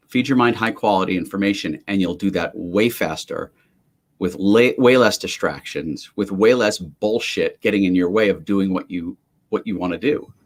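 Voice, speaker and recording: A man with a low voice hosts a motivational live stream, talking fast and forcefully in an energetic rant to his viewers. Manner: energetic, emphatic, ranting. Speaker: livestream host. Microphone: webcam or computer mic on a live stream.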